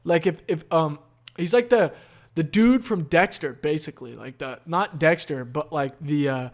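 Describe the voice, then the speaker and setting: A man hosting a podcast, telling a long story in a casual, profane monologue that is full of fillers and has loud, animated exclamations. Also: on the high side, moderate pace. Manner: profane, rambling, heavy on fillers. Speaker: podcast host.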